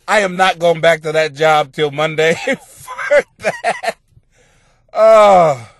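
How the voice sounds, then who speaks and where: A man's voice: on the high side, lively intonation, takes it slowly, no room sound, studio quality. A man hosting a comedy podcast, telling a rambling, profane story and laughing at himself. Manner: profane, laughs through his own story. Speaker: podcast host and comic.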